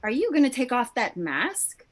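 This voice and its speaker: A woman playing a naive, polite amnesiac who speaks in a bright, wondering way, in a live play reading over a video call. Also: on the high side, sing-song, normal speed. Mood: puzzled.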